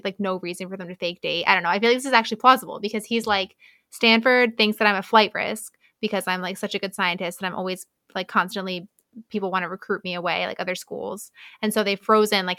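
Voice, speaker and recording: Bright-voiced giggly woman podcaster. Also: medium pitch, brisk, no room sound, studio quality. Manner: giggly, swears casually, acts out characters' lines. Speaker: podcast co-host. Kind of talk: casual book recap chat.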